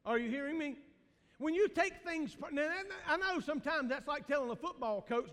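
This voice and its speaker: A man's voice: very high voice, animated, normal speed, fairly bright tone. A man, a pastor preaching a sermon in a folksy way, asking the congregation questions and laughing often. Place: church sanctuary. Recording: long reverb of a church hall.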